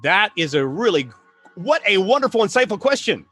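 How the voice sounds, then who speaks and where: A middle-aged man hosting a casual chat on writing, telling stories in an animated way with laughs and many restarts. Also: high-pitched, a little fast, faint music behind. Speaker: podcast host, writing coach.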